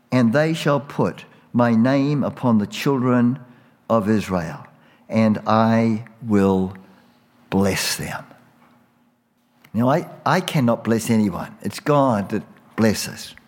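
A male pastor delivering a sermon at an unhurried, deliberate pace. His mid-range voice leans on repeated phrases for emphasis, and a long reverb trails each line in a large hall. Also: medium pitch.

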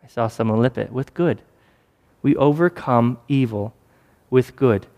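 A man's voice: mid-range voice, a little slow, darkish tone. Man preaching in a reverberant hall. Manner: conversational preaching with acted-out asides. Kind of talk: sermon.

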